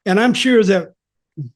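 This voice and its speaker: An older man spins a casual story, his voice sitting fairly high. He retells conversations animatedly, acting out the quotes and chuckling as he goes. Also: lively intonation, takes it slowly. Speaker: storyteller and show guest.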